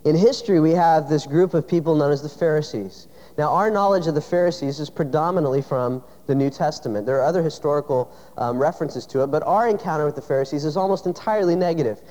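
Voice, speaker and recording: A man's voice: on the high side, dark tone. Man preaching in a reverberant hall. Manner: storytelling, conversational with rhetorical questions. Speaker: pastor. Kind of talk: sermon. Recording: dull sound with long hall reverb.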